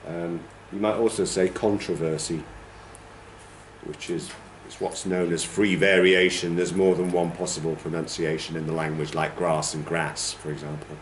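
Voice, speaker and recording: A male TESOL trainer lectures in a low voice with little pitch movement, speaking at normal speed and hardly pausing. He patiently explains, exaggerating word stress by stretching words out. The classroom sounds roomy and echoey, with slight background noise.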